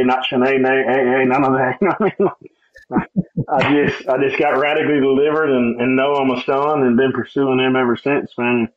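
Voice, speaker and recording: Lively man telling his story, lo-fi. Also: mid-range voice. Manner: animated storyteller, acts out quoted voices, laughs often. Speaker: guest sharing testimony. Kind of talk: conversational testimony. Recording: slightly dull, lo-fi sound.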